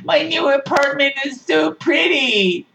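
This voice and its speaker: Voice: high voice, lively intonation, measured pace, gravelly, pushed and bright, a little hiss or hum, pitched above the performer's own voice, full character voice, poor audio. A podcast host mockingly voicing a ditzy young blonde woman who gushes over everything in a sing-song way. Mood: gushing.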